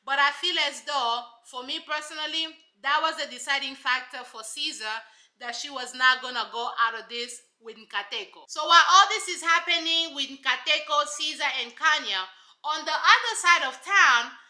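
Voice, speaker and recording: A woman's voice: high voice, normal speed, pushed and bright, roomy sound. A woman giving casual, sassy commentary on a reality show, emphatic and full of rhetorical asides.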